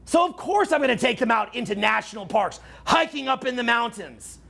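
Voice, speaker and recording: A Canadian man in his forties, a social skills coach, giving a brash, profane, animated seminar talk to a crowd. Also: very high-pitched, fairly quick, gravelly. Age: 40s. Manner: brash, profane, animated lecturing with mocking put-on voices.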